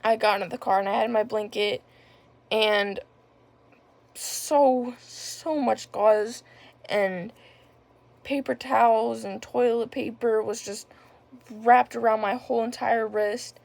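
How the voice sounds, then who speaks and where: A young woman talks through a personal story in a loose, rambling way, full of filler words. Her voice sits a little high and often drops into a gravelly fry. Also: fairly even intonation, slow, a little mellow. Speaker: vlogger.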